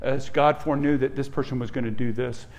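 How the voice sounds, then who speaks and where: A man's voice: mid-range voice, steady tone, fairly quick, a little mellow. A man preaching a sermon as pastor, emphatic, with frequent restarts and repeated words.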